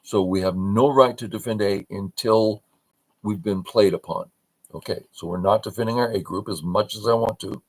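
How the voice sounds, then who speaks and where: Slow low-voiced older man teaching. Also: low-quality recording. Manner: talks in short broken phrases, asks and answers his own questions. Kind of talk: livestream game review lesson.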